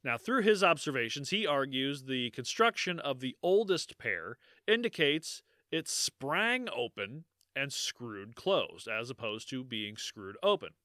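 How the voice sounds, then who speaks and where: A man's voice: a little high, no room sound, clean studio sound. A man co-hosting a podcast, chatting casually and reading out a long quote, swearing freely. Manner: swears freely, laughs often; animated, swings between loud and quiet. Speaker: podcast co-host.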